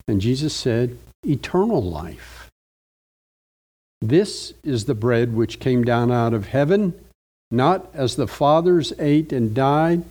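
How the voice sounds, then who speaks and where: A middle-aged man preaching a Bible study, slow and deliberate, stressing key words as he reads verses aloud. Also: medium pitch, expressive, darkish tone. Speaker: pastor.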